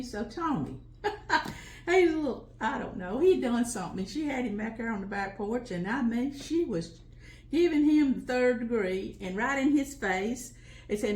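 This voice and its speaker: A woman's voice: a little high, big pitch swings, normal speed. Emotional woman, echoey home room. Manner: heartfelt, emotional, often laughing. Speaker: home vlog host. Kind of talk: personal reminiscing storytelling. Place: at home, indoors.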